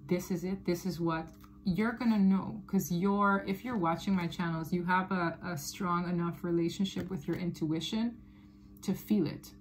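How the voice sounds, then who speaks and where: A woman giving a tarot reading to her viewers, talking in a loose, animated way, often laughing and repeating phrases. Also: fairly low pitch, moderate pace, a little hiss or hum, low-quality recording. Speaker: tarot reader. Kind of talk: casual tarot reading to camera.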